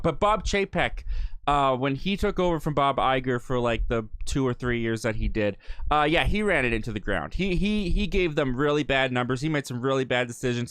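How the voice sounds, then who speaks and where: A man's voice: on the high side, a bit bright, clear, resonant tone, dry recording. Chatty man hosting a live stream. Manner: chatty, rambling, frequent fillers and self-corrections. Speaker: live stream host reading chat. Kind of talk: casual live Q&A chat.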